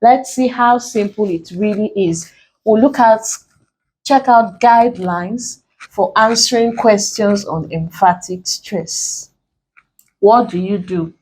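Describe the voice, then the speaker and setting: Mellow-voiced woman teaching an exam lesson. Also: mid-range voice, husky, rough recording. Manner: explains patiently, repeats key points, slows down to dictate notes. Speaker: English teacher.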